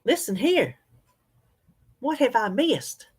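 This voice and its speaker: A Southern woman from North Carolina hosts a livestream, her fairly high voice husky and sing-song as she talks slowly. She chats casually in a folksy, easygoing way, responding to viewer comments and laughing easily.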